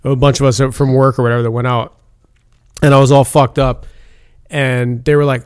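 A man's voice: medium pitch, little pitch movement, a little fast, clean tone, no room sound, clean studio sound. A man telling a rambling, profane drinking story in casual chat, with lots of restarts. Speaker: podcast co-host.

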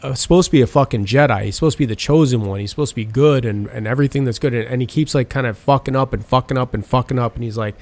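A man's voice: medium pitch, fast talker, hardly any pauses, a little mellow. A man in casual chat, animatedly retelling film scenes with lots of swearing and filler. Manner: profane, rambling storytelling.

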